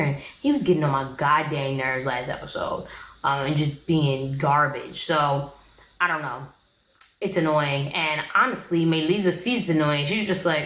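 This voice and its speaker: A woman's voice: low-pitched, moderate pace, fairly bright tone, echoey room, poor audio. A young woman giving a casual, opinionated recap of a reality show in a slangy, chatty way.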